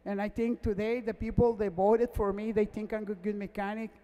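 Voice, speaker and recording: A man, a race car mechanic, gives a halting, emotional acceptance speech at an awards gala, close to tears and often repeating himself in non-native English. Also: sits high, level tone, dark tone, muffled recording. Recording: echoey hall reverb.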